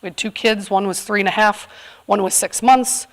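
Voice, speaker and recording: A woman's voice: medium pitch, fairly even intonation, moderate pace. A woman from California, in her thirties, speaking candidly and earnestly to a live audience, with frequent fillers. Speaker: community event speaker. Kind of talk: personal talk to a live audience.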